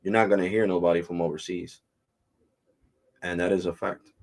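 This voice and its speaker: A man's voice: sits low, level tone, normal speed, vocal fry, a little mellow. A man hosting a tech talk stream, ranting casually and emphatically, with loose swearing.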